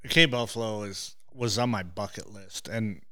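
A man who hosts a hunting show, telling stories as an interview guest. He gets animated and restarts his words when excited. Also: lowish voice, moderate pace, smooth, no room sound, studio quality. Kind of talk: animated storytelling.

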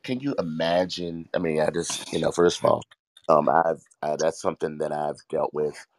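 A man who is a pastor, talking earnestly in a halting way on a faith podcast. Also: very deep voice, fairly even intonation, dry recording. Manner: halting, many fillers and restarts, earnest. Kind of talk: casual faith talk.

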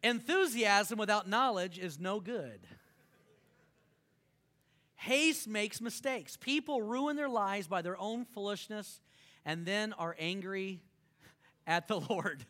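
A man from Texas, preaching a sermon in an animated, repetitive way and calling on the congregation to repeat after him. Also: high-pitched, slow, long pauses. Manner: animated, repetitive, calls for audience response. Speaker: pastor.

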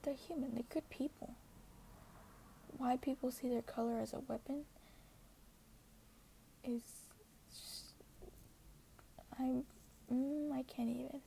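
Soft, gravelly teenage girl vlogging. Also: high-pitched, steady tone, takes it slowly, pauses often, a little hiss or hum. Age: teens. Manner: earnest and hesitant, many fillers, often half-whispered. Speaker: social media poster. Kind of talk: casual vlog monologue.

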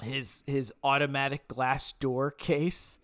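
A man's voice: mid-range voice, level tone, slow, fairly bright tone, no echo. Man co-hosting, dry close sound. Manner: loose, amused, trails off into laughs. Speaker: podcast co-host. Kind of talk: casual film review chat.

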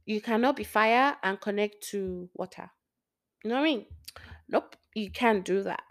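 A young Christian speaker talks casually to listeners about faith in a medium-pitched voice at normal speed. She rambles, corrects herself, laughs often, and sometimes drops to a near-whisper.

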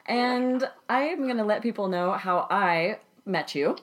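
A woman's voice: medium pitch, expressive, unhurried. A woman in her thirties hosting a parenting podcast in casual chat, upbeat and laughing often. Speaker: podcast host.

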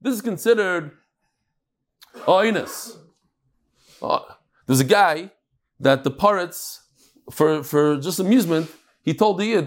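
Taking it slowly and pausing often, a high-voiced Talmud teacher gives a casual class lecture. His talk is sprinkled with Hebrew and Yiddish terms, along with jokes and anecdotes.

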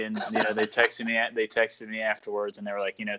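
A man's voice: fairly low pitch, completely flat delivery, fast talker, sharp tone, slight background noise. A man co-hosting a casual sports podcast, telling a rambling story and laughing at himself. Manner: rambling, self-deprecating, laughs often. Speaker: podcast co-host.

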